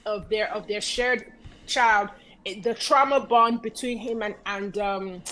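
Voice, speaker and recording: A woman's voice: mid-range voice, steady tone, unhurried, sharp tone. A woman from Nigeria calling in to a talk show, explaining her point politely and carefully. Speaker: caller. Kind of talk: casual call-in chat.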